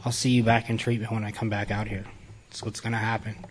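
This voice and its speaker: A man's voice: fairly low pitch, little pitch movement, quick pace, a little hiss or hum. A man giving a candid personal testimony to a group, blunt, profane and self-mocking. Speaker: recovery speaker addressing a group.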